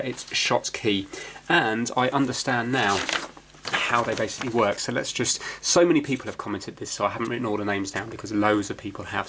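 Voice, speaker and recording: Guy talking through a gadget repair, rambly and self-deprecating, slight hiss behind. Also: on the low side. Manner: chatty, rambling, self-deprecating, many fillers and restarts. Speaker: repair video host. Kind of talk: casual explanatory talk while repairing.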